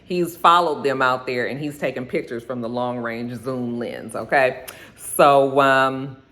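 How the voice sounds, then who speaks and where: A woman giving a casual, animated recap of a TV episode in slangy talk. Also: extremely low pitch, a little slow. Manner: animated, slangy, acts out the characters' lines. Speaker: TV episode reviewer.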